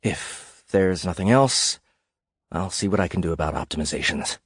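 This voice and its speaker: A man's voice: low voice, lively intonation, normal speed, breathy edge, no echo, studio quality. An actor voicing a frustrated, earnest male game developer who pushes back against his boss.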